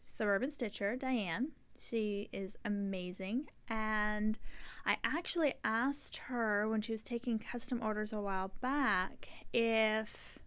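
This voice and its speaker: A woman's voice: medium pitch, slow, fairly bright tone, smooth. A woman hosting a knitting podcast, talking casually and rambling, often correcting herself mid-sentence. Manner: rambling, self-correcting, chatty. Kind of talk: casual chat to camera.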